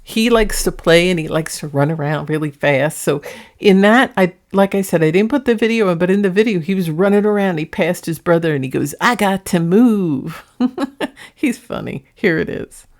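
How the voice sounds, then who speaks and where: Chatty woman with a lowish voice. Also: lively intonation, normal speed. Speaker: paranormal vlogger. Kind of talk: casual narration introducing clips.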